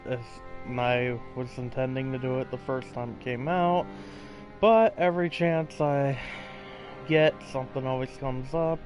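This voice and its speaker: A man's voice: medium pitch, darkish tone. A man casually narrating over his gameplay, rambling and a little tired, swearing now and then. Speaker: gaming channel host. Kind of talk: casual gameplay voiceover commentary.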